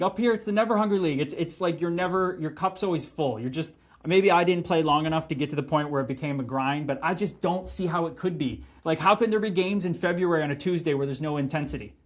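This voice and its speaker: A man's voice: a little high, fast talker, hardly any pauses. A man in his thirties, a former pro hockey player, swearing freely as he tells stories in a casual podcast interview. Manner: profane, animated storytelling.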